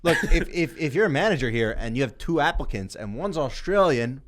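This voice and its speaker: A man's voice: fairly high pitch, expressive, a little fast. A man co-hosting a podcast in casual chat, teasing his friends in a playful way. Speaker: podcast co-host.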